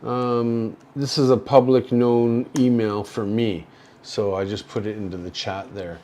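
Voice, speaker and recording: An older man hosts a casual livestream, reading viewer chat in a halting, rambling way full of fillers and soft chuckles. His voice is mid-range with a level tone.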